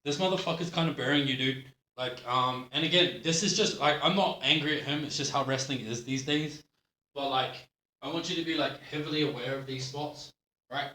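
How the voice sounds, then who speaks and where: A man's voice: medium pitch, moderate pace, pushed and bright. A man with a New Zealand accent, coaching a wrestler through a casual match review in a blunt, profane, rambling way. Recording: roomy with faint hum.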